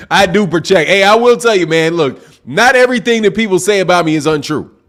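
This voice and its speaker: A man hosting a live-stream boxing talk show, loud and excitable, projecting his voice and saying "bro" a lot while reading viewer super chats. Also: high-pitched, fairly quick. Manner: reads super chats aloud. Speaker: boxing channel host. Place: home live stream, sipping drinks.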